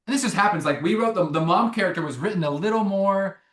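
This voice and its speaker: A young man, a filmmaker guest, telling a long story in a rambling, animated way with many restarts. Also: high-pitched, quick pace, reverberant. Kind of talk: casual interview storytelling.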